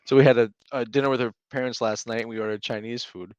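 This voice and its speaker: A man co-hosting a casual podcast about parenting, telling animated stories and acting out his kids' lines. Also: medium pitch, fast, no room sound, lo-fi sound. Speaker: podcast co-host. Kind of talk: casual chat.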